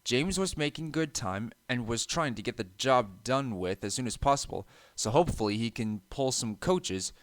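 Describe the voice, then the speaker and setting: A young man calmly narrating a storybook, with a soft and even delivery and occasional small restarts. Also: medium pitch, no room sound.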